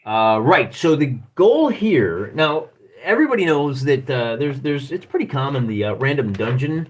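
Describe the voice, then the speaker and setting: A man's voice: mid-range voice, big pitch swings, normal speed. A man from Michigan with a Midwestern accent hosting a live stream, thinking aloud and joking at his own expense as he flips through a rulebook. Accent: Midwestern American. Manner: rambling, self-deprecating, thinks aloud while searching pages. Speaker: livestream host.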